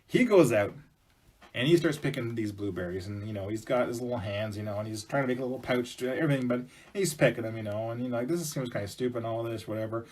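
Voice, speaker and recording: Male storyteller, husky voice, chatty, casual oral tale-telling. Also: medium pitch, fast, a little mellow. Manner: chatty, conversational, with asides to the listener. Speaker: storyteller presenting to schools.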